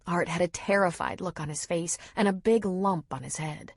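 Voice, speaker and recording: A woman reading a novel aloud in steady, measured scripted narration. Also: on the low side, dry recording, studio quality. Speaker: audiobook narrator.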